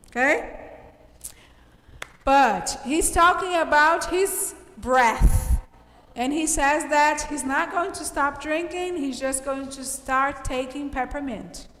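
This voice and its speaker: A woman's voice: high voice, takes it slowly, a bit bright. A woman English teacher, explaining grammar patiently to her class and checking often that everyone follows. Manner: patient, explanatory, checks understanding with frequent "okay?". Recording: roomy, reverberant room sound.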